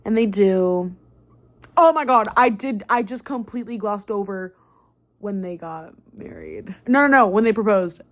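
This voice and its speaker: Excitable young woman ranting casually. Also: mid-range voice, measured pace. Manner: excitable, swears freely, lots of fillers. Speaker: book vlogger.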